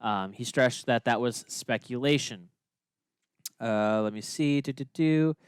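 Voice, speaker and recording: A man's voice: mid-range voice, unhurried, clear, resonant tone, no echo, studio quality. A young man hosting a podcast, reading news with many fillers and getting exasperated at his co-host. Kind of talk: casual news-reading chat.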